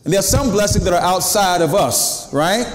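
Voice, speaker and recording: Male pastor, sermon, slightly high voice, roomy hall echo. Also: expressive, moderate pace. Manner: leads the congregation in recitation, then preaches with rising emphasis. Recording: echoey hall reverb.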